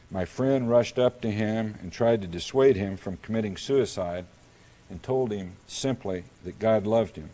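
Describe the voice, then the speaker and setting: A middle-aged man from Kansas, a mayor, delivering a prepared public lecture in a measured, deliberate storytelling manner. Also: on the low side, mellow.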